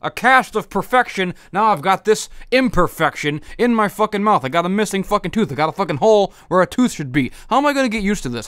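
A high-voiced man rants in a stream of exasperated profanity. His face is numb from the dentist, yet he keeps hammering on his complaints. The sound is dry and close. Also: a bit bright, dry recording. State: half his face numb from dental work. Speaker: podcast host. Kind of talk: angry comedic rant.

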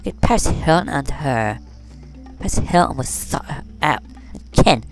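A woman's voice: low-pitched, expressive, moderate pace, soft background music. A woman voicing a vain, catty fashion doll who talks in valley-girl slang and brags while commenting on a game. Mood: boastful. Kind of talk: comedic game commentary in character.

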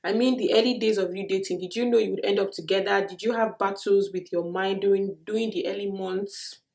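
A woman's voice: medium pitch, steady tone, a little fast, creaky, a little mellow. A young Nigerian woman with a Nigerian accent, chatting expressively and laughing often as she answers viewer questions in a casual vlog.

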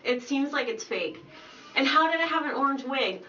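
A young woman on a reality show, chatting casually, bubbly and quick to apologize and joke. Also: high voice, animated, pushed and bright, soft background music. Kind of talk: casual chat. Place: house on a reality livestream. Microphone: room mics from a distance. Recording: distant echoey room audio, dull, slight hiss.

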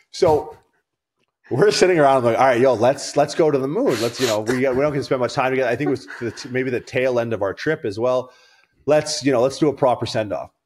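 A man co-hosting a podcast, telling stories in casual chat, rambling and swearing freely. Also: medium pitch. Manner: profane, rambling storyteller. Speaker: podcast co-host.

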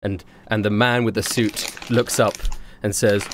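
A man's voice: on the low side, little pitch movement, measured pace, a little hiss or hum. Man narrating as dungeon master. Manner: rambling, laughing, frequent fillers. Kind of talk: narrating a tabletop game.

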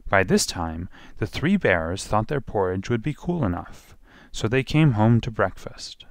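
A man's voice: lowish voice, big pitch swings, unhurried, gravelly, no room sound. A man narrating a children's storybook expressively, drawing out repeated phrases.

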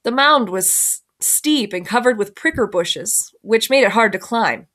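A woman's voice: a little high, lively intonation, a little slow, fairly bright tone. A woman teacher reading a first-person novel aloud in plain storytelling, sometimes correcting herself.

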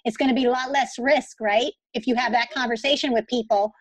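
Woman host rambling supportively, highish voice, dry close mic. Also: fairly even intonation, a little fast, dry recording, low-quality recording. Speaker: podcast host. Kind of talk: casual interview chat.

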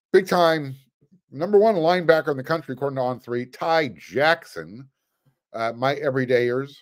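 A man hosting a sports podcast, talking casually with fillers, restarts and dry sarcastic asides. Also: mid-range voice. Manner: chatty, with fillers and frequent restarts. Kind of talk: casual commentary.

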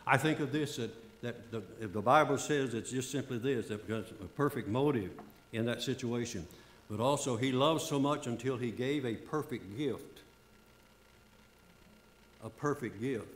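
Older preacher in an echoey church. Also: male voice, medium pitch, moderate pace. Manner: fervent, repeats phrases for emphasis. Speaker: pastor. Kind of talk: sermon. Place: church sanctuary.

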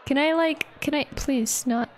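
A young woman streaming a park-building game, excitable, swearing a lot and laughing often. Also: high-pitched, moderate pace, some chatter behind, a little hiss or hum. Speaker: vtuber streamer. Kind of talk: casual gameplay commentary.

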